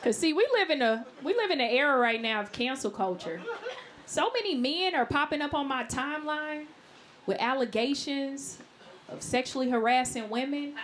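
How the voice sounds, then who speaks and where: A woman doing a brash, animated stand-up set in a live club, laughing at her own jokes. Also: high-pitched, normal speed. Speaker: stand-up comedian. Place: live comedy club, New York. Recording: loud noise on a live club recording.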